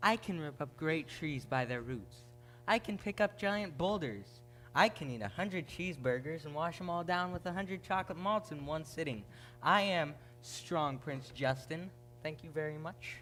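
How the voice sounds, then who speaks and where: A boastful young prince full of swagger, played by a man on a theater stage. He brags loudly about his strength, his voice a bit high. Music hums faintly behind him. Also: animated, normal speed. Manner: bragging, loud.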